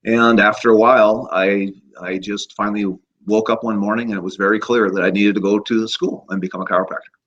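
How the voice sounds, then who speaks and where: A man in his fifties, a chiropractor guest, telling casual stories in an animated way with frequent laughs. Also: fairly low pitch, a little fast, few pauses. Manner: animated anecdotes, laughs often, acts out voices. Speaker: guest, chiropractor and energy healer. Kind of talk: casual storytelling. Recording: slightly muffled lo-fi audio.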